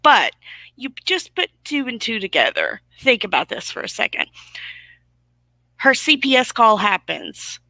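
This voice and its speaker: A woman's voice: on the high side, wildly swooping pitch, a little slow, creaky, pushed and bright, no room sound. A woman hosting a livestream, ranting with indignant, sarcastic emphasis to her viewers. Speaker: YouTube livestream host. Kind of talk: casual livestream commentary.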